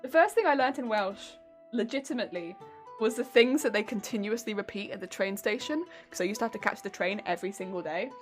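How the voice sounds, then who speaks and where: A woman's voice: mid-range voice, animated, fast talker, faint music behind. A woman streamer chatting casually with her viewers, laughing often and restarting her sentences.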